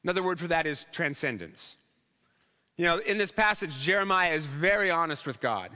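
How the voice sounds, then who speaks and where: A man's voice: on the high side, expressive, moderate pace, sharp tone, in a large hall. A man preaching a sermon in a church, conversational and humorous, acting out quotes along the way. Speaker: pastor.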